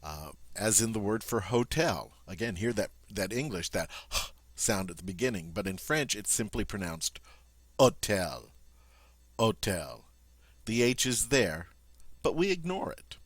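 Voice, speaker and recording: Guy teaching french sounds, lowish voice, dry close sound, slow patient demo style. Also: animated, a bit bright, no echo. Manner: patient, demonstrates sounds slowly, checks in with "all right?". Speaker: language teacher. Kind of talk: pronunciation lesson.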